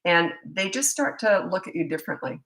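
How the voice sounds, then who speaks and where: A woman's voice: fairly low pitch, lively intonation, a little fast, fairly bright tone, rough recording. A middle-aged woman parenting coach chatting and telling stories in a live webcam Q&A, laughing often. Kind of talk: live Q&A chat from home on webcam. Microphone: laptop webcam.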